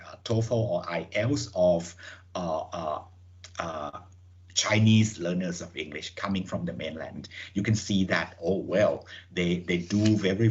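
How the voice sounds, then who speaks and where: A man giving a webinar lecture to teachers, reading from slides in a measured way with many fillers and repeated words. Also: deep voice, dull audio. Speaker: webinar speaker on English teaching. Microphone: computer mic on a video call.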